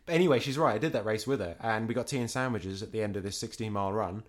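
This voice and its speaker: A man's voice: fairly low pitch, rapid-fire. A man co-hosting a casual podcast, joking as he reads out listener messages. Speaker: podcast co-host. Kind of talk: casual chat.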